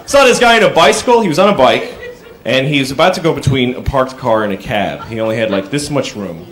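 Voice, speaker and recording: A man doing a stand-up comedy routine on stage, telling conversational stories and breaking into sudden shouted bits, recorded live in a club with audience laughter. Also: medium pitch, animated, fast.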